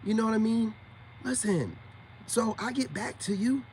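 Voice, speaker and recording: A man's voice: high-pitched, expressive, normal speed, darkish tone, slight background noise. A man, casually livestreaming to viewers and teasing them with a drawling manner. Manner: drawling, teasing, repeats "you know what I'm saying". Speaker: self-styled spiritual coach livestreaming to viewers. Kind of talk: casual livestream talk to chat.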